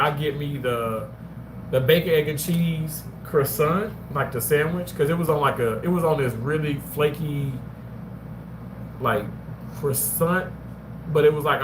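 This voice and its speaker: A man chatting casually with his live-stream viewers, rambling and animated, now and then bursting into loud excited shouts. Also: on the high side, normal speed. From Mississippi. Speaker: vlogger reading live chat. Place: outdoors on a walk. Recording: roomy, with faint ambient noise.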